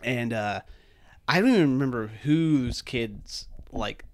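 A man's voice: mid-range voice, lively intonation, takes it slowly, no echo. A young man co-hosting a podcast, telling long stories in a rambling, profane way, full of "dude" and "man". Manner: rambling, swears a lot, heavy fillers like "dude" and "man". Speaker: podcast co-host. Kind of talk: casual chat, storytelling.

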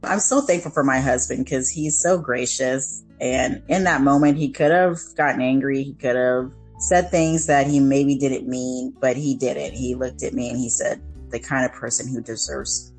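A woman with a strikingly low voice talks candidly on a podcast, earnest and reflective, slowing down to stress what matters. Faint music sits quietly behind her. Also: steady tone, breathy edge, rough recording. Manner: earnest, reflective, with slowed emphasis. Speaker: podcast co-host. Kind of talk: candid personal storytelling.

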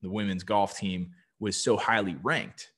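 A man's voice: on the low side, a little slow. Laid-back man hosting a podcast. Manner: relaxed, hesitant with names, uses "like" often. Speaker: podcast host. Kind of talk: casual podcast chat.

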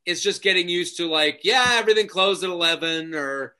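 A male comedian guest telling stories in animated, casual podcast chat, full of "like". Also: high voice, fairly quick. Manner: animated storytelling with lots of "like".

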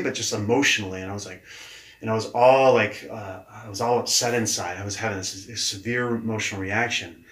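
Lively, story-telling man in an echoey room. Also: on the low side. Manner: lively, acts out quoted dialogue, casual swearing. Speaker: leadership coach, podcast guest. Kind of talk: casual storytelling in an interview.

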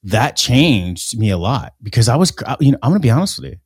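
A man's voice: medium pitch, sing-song, fast talker, breathy edge, no room sound, clean studio sound. A man on a casual podcast, telling long rambling stories full of profanity.

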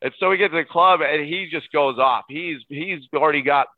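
A middle-aged man, a podcast guest, telling lively stories in a casual chat, excitable and quick to laugh. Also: fairly high pitch, no echo. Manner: excitable, jumps into shouted impressions and laughs. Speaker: guest, former ballboy. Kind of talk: animated storytelling in casual chat. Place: at home in Utah. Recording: tinny phone-line sound, dry.

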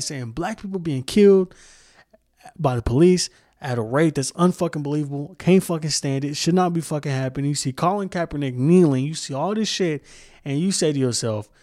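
A man's voice: fairly high pitch, lively intonation, fairly quick, a little mellow, dry recording, studio quality. A young man hosting a solo podcast, talking casually in a heated, profane, rambling way with many restarts. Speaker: podcast host.

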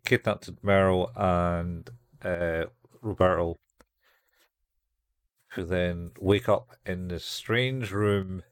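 A man's voice: sits low, steady tone, very slow, long pauses, no room sound, studio quality. A man co-hosting a podcast, casually recapping an anime episode in a rambling way and acting out the characters' lines. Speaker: podcast co-host.

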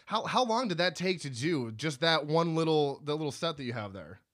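A man's voice: fairly high pitch, animated, fairly quick, a bit bright. A man hosting a casual interview, sounding amazed as he asks a follow-up question. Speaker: interviewer, host.

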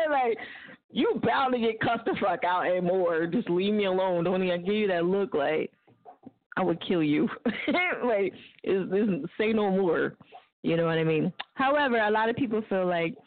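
A woman's voice: medium pitch, moderate pace. A woman hosting an internet radio show, ranting bluntly and profanely and laughing often. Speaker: radio host. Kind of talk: casual talk radio rant. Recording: dry, phone-like lo-fi line.

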